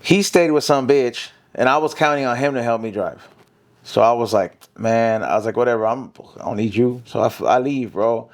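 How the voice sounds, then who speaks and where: A man's voice: mid-range voice, brisk. A man, a podcast guest telling a story in casual, slangy talk and dropping "fool" and "bro" often. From South Central Los Angeles. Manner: slangy, animated, says fool and bro a lot.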